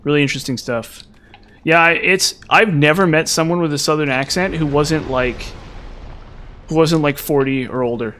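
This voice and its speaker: A man's voice: a little high, moderate pace, a bit bright. A man with a mild Utah accent, chatting casually with viewers on a live stream. He rambles, repeats words and uses many fillers. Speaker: gaming streamer.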